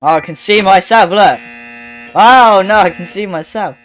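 A man with a voice that sits high, talking at normal speed, hosts live gameplay commentary. He's mostly calm, but sudden excited yelps and exclamations break through.

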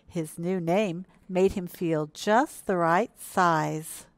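A woman librarian reading picture books aloud for a children's storytime, speaking gently and expressively and asking the children questions. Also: lowish voice, slow, no echo. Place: indoors, recorded for video.

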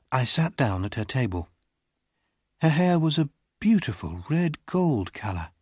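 Audiobook narration, slow clear pacing, lively pitch, dry studio sound. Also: dry recording. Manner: slow, clearly paced storytelling. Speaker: audiobook reader. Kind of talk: scripted narration of a graded reader.

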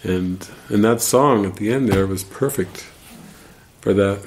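A man giving casual spiritual commentary, telling stories in an animated way and laughing as he goes. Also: lowish voice, a little slow. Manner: animated storyteller, laughs while retelling. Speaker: spiritual teacher.

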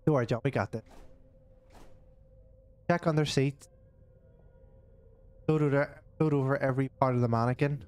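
A man's voice: medium pitch, fairly even intonation, normal speed, pauses often, a little mellow, clean tone, soft background music. A man co-hosting a gaming video, trading crude jokes and laughing often as they play. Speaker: gaming channel co-host. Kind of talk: casual let's-play banter.

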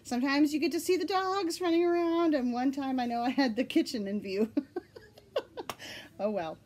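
Woman host, Oklahoma accent, bright higher voice, giggly and excitable, casual home podcast chat. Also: normal speed.

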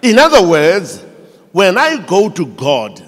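A high-voiced South African pastor takes his time, telling sermon stories animatedly and performing the quoted voices himself. His preaching reverberates long in a large church hall.

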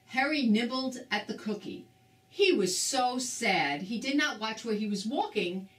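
An older woman reading a children's book aloud with slow, expressive storytelling. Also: a little high. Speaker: storybook reader. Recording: roomy, distant mic.

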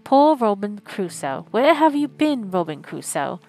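A woman's voice: medium pitch, big pitch swings, unhurried, mellow, low-quality recording. A woman reading aloud, voicing an old miserly man who exclaims eagerly, caught between laughing and crying. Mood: excited.

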